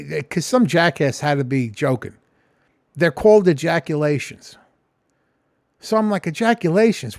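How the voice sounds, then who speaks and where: A man chats loosely to his camera, rambling and swearing freely. His voice sits high and swings widely in pitch. The sound is dry and close, with no room echo. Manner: rambling, profane, chatty. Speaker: vlogger. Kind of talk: casual vlog talk. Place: home kitchen.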